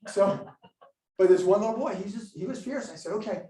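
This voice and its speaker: His voice is high and his delivery a little quick as he entertains parents at a live school presentation, where he works as an administrator. Full of humor, he acts out students while spinning funny tales. The school meeting room gives the recording a noticeable echo.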